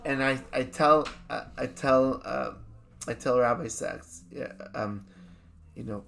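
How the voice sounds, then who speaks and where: A man, a rabbi, co-hosting a podcast and telling an animated anecdote in casual chat, slipping into quick voice impressions. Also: mid-range voice, creaky, slight background noise.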